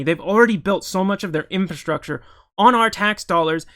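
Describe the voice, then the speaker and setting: High voiced guy ranting about politics, opinionated, keeps restarting sentences. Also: brisk, bright, forceful tone. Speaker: political commentator. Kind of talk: casual political commentary, reacting to news articles.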